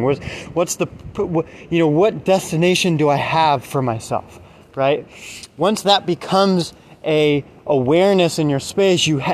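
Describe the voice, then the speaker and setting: A self-help speaker with a fairly high, darkish-toned male voice gives a casual motivational talk. He rambles with many fillers and keeps checking in with "right?" again and again. The recording is low quality.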